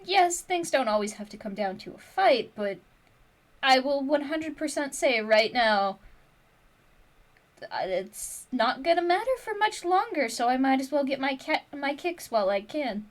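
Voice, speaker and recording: A woman voicing a male lion mercenary who threatens softly and calmly. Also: high voice, measured pace. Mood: gently menacing. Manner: gentle, quietly threatening. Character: menacing male lion mercenary, calm and predatory.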